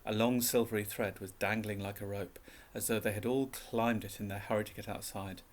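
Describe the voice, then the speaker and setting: A man narrating a storybook reading in a calm, even way. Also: on the low side, a little fast.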